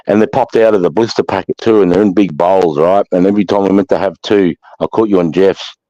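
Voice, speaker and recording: A middle-aged Australian man hosting a casual livestream chat, blunt and swearing often, telling stories with animated, jumping energy. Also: low-pitched, fairly quick, no room sound. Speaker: livestream host, army veteran. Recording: dull, dry lo-fi stream audio.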